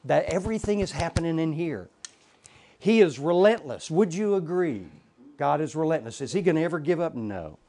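Man, middle-aged, fairly high voice, teaches Bible class with emphatic repeats and rhetorical questions. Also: a little mellow.

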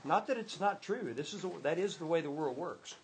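A man's voice: fairly high pitch, animated, a little fast, slight background noise, low-quality recording. An older man teaching a church class with slides, talking in an enthusiastic, emphatic way. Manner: enthusiastic, emphatic, talks with restarts.

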